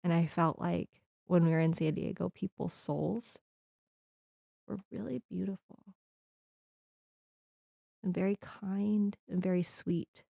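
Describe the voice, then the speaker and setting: A woman's voice: lowish voice, steady tone, slow, creaky, pauses often, dark tone, dry recording, clean studio sound. A woman from the Midwest hosting a podcast, talking earnestly in a rambling reflective monologue with restarts. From American Midwest. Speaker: podcast host.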